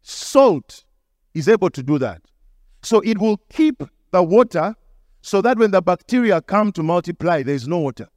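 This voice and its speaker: A man's voice: sits high, very animated, normal speed, a little mellow, no echo, clean studio sound. A man preaching a sermon, telling stories and voicing the people in them as he teaches. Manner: storytelling preacher, acts out the people in his stories. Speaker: pastor.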